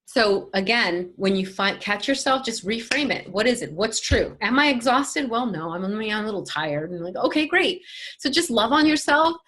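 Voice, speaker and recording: A woman's voice: fairly high pitch, animated, normal speed, a bit bright. A woman life coach talking in an interview, emphatic and motivational, often acting out quoted voices.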